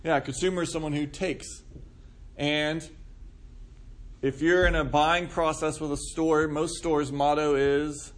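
A man's voice: fairly high pitch, steady tone, unhurried, slight background noise. Casual, questioning male preacher. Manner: casual, asks the room questions. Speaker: pastor. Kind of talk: conversational sermon.

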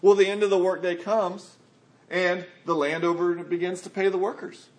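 A man's voice: sits high, little pitch movement, normal speed. A man preaching a sermon earnestly, acting out quotes from scripture. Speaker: pastor.

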